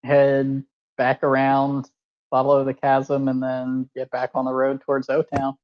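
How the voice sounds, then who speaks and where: Man at the table, flat delivery, dull low-fi recording. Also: measured pace. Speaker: player. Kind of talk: casual tabletop play. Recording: dull lo-fi mic.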